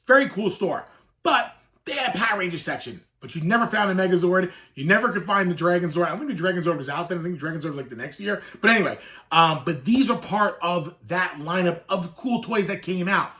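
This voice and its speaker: A man's voice: high-pitched, expressive, fast, bright, forceful tone. A man in his thirties, a toy collector, telling an emotional childhood story to camera in a rambling, wistful way that chokes up at times. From Northeastern US. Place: room full of collected toys.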